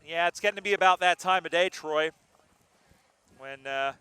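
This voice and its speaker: A man calling an amateur football game live, joking between plays and getting excited on big moments. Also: fairly high pitch, normal speed, clear, resonant tone, no room sound. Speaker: play-by-play commentator. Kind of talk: live sports commentary.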